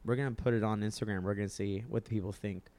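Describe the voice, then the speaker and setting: A man's voice: lowish voice, fairly even intonation, very fast, noisy background. A man co-hosting a comedy podcast, joking around in goofy, playful banter. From Pacific Beach, California. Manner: goofy, playful, repeats silly made-up phrases. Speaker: podcast co-host.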